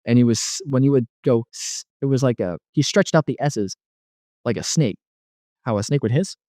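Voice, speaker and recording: Young man, personal testimony, earnest, rambling with restarts, middle pitch, dry close sound. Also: animated, moderate pace, mellow, no room sound. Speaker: guest telling his testimony.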